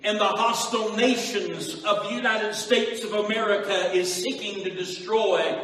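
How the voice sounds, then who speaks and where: A man's voice: high voice, fairly even intonation, normal speed, sharp tone. A man preaching a sermon to his church, building to sing-song emphasis and asking the congregation rhetorical questions. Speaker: pastor. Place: church hall. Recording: echoey hall from far off.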